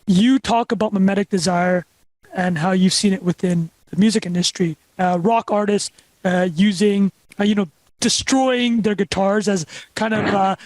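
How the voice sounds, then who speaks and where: High-voiced male host, dry close sound. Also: a little mellow, no room sound, rough recording. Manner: halting, many fillers when asking questions. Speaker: podcast host. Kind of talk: interview questions.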